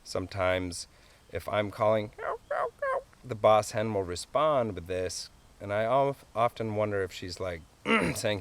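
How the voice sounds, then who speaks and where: Easygoing low-voiced man teaching. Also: unhurried. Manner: easygoing, chuckles often, plain folksy explanations. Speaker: wildlife calling instructor. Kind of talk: hands-on tutorial.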